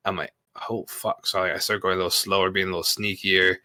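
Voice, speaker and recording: Profane, forceful man telling a story. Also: deep voice, racing, no echo. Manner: profane, filler-heavy, animated retelling. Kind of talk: casual storytelling.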